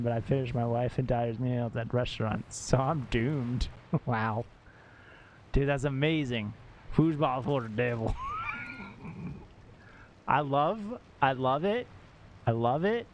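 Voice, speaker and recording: A man live-streaming a game and chatting casually with viewers, excitable, laughing often and swearing when surprised. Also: mid-range voice, slight background noise. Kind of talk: casual gameplay commentary to chat. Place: at home.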